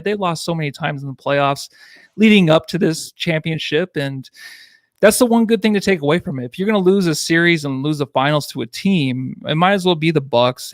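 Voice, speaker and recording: A man's voice: fairly high pitch, dry recording, clean studio sound. A man co-hosting a casual sports podcast, talking earnestly and effusively, correcting himself as he goes. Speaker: podcast co-host and writer.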